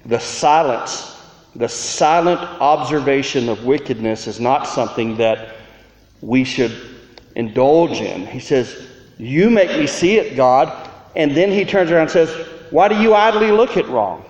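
A man's voice: medium pitch, unhurried, a little mellow. A man preaching a sermon as a pastor, earnest and questioning, building to rhetorical peaks. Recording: roomy hall reverb, dull sound.

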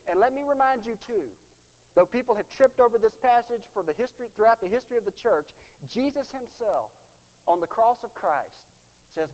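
A man with a high voice delivers a heartfelt funeral sermon and sinks to a near whisper on tender lines. His voice rings through a church sanctuary with a long reverb. The recording is muffled. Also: expressive, normal speed. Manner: earnest, dropping to a hush for tender lines. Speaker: pastor.

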